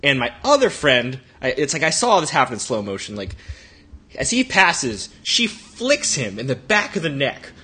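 Husky, lively man telling a story. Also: mid-range voice, normal speed. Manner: rambling, profane anecdote-telling. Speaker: podcast co-host. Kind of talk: casual podcast storytelling.

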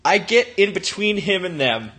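Man, podcast co-host, bright husky voice, rambling swearing storyteller. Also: high voice, very animated, moderate pace. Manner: rambling, profane anecdote-telling.

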